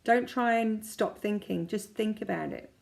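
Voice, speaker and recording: A woman in her forties, a kinesiology practitioner, chatting casually as she guides listeners through calming exercises step by step. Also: mid-range voice, a little slow, gravelly. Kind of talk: casual self-help teaching.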